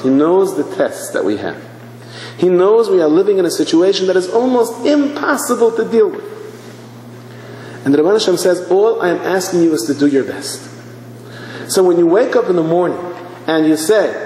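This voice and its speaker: A man's voice: a little high, slight background noise. A man in his fifties, a religious teacher giving a sermon, telling stories and acting out the people in them. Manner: animated storytelling, acting out quotes. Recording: echoey hall, faint ambience.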